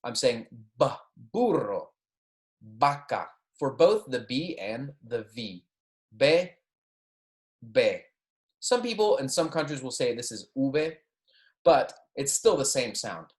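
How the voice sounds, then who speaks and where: Male language teacher, patient lecture delivery, mid-pitched, models words slowly. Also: sing-song, echoey room. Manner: patient, modeling pronunciation slowly, self-correcting. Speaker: Spanish instructor. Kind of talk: recorded classroom lecture.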